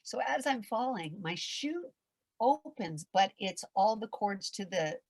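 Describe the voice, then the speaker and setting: A woman's voice: medium pitch, animated, unhurried, no echo. An older woman, a veteran performer, telling a story in a podcast interview, acting out the voices and swearing freely as she goes. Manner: dramatic, acts out voices and shouts in her anecdotes; candid, swears casually.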